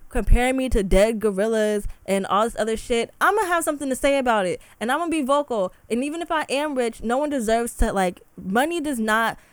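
A woman's voice: fairly high pitch, brisk, hardly any pauses, clean tone, dry recording. A young woman hosting a solo podcast, talking in an impassioned, heated way full of "like" fillers. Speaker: podcast host. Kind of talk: casual solo podcast rant.

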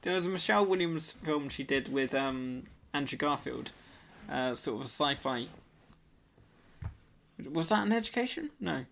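A man's voice: a little high, animated, moderate pace, vocal fry, a bit bright, slight background noise. A man co-hosting a podcast, telling stories with frequent laughter and teasing his co-host. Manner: giggly, storytelling, teasing. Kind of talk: casual film chat.

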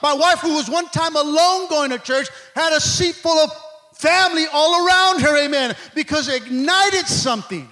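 A middle-aged man preaching a sermon, repeating words and calling out, sometimes shouting and sometimes dropping to a low murmur. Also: normal speed. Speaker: pastor.

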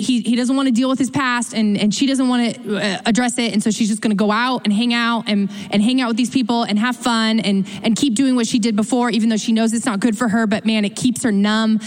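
A young adult woman pastor preaching a sermon, expressive, slowing down for emphasis and speeding up in quick asides. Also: on the high side. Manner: expressive, shifts between slow emphatic phrasing and quick asides. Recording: long hall reverb.

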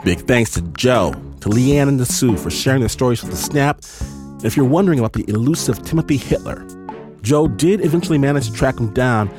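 A man's voice: mid-range voice, animated. Man hosting a radio show over music. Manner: measured, smooth delivery of credits and teasers. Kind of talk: scripted radio narration.

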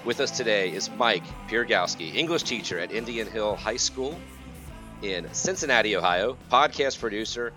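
A man's voice: on the low side, lively intonation, moderate pace, music in the background. A man in his forties, a college counselor co-hosting a podcast, ranting in an exasperated, sarcastic way. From United States. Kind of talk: casual podcast rant.

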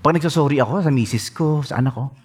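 A man's voice: fairly high pitch, racing, darkish tone, husky. A middle-aged man with a Filipino accent, preaching a sermon. He switches between languages and acts out quoted dialogue.

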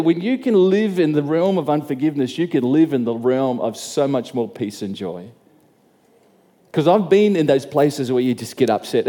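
Mellow-voiced man preaching in a hall. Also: a little high. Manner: conversational, repeats and restarts phrases, asks the crowd questions. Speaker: pastor. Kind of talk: sermon.

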